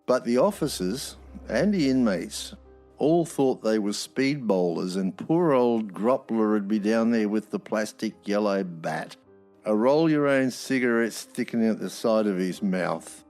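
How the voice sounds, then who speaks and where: A man's voice: on the low side, lively intonation, unhurried, darkish tone, soft background music. A man, a former prison officer telling stories bluntly, swearing freely, with wry humor. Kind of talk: anecdotal storytelling.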